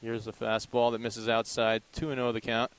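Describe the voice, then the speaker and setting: A young man calling a college baseball game pitch by pitch in steady, descriptive play-by-play. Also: moderate pace, clean tone, rough recording. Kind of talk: live baseball play-by-play commentary.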